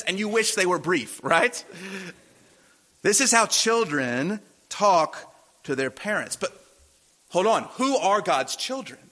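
Male pastor, casual preaching style with questions to the room; bright, slightly high voice. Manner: conversational preaching with rhetorical questions. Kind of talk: sermon.

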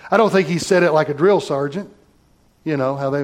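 A man's voice: a little high, a little fast. A man pastor preaching a sermon, reading scripture aloud and talking directly to his congregation.

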